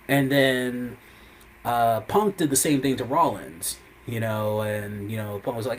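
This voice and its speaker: A man's voice: medium pitch, expressive, normal speed, low-quality recording. A man hosting a live show who recaps events in a casual, rambling way, full of "you know" and "I mean.".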